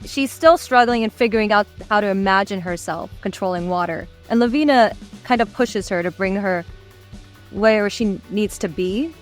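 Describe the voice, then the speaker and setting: A woman talking as a voice actor guest on a podcast, enthusiastic and quick to laugh. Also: mid-range voice. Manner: enthusiastic, laughs often, trails off. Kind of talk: casual podcast chat.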